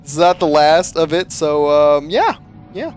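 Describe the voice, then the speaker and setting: A man's voice: on the high side, animated, measured pace, faint music behind. A man giving casual gameplay commentary in a rambling, easygoing, self-mocking way. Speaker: let's play commentator.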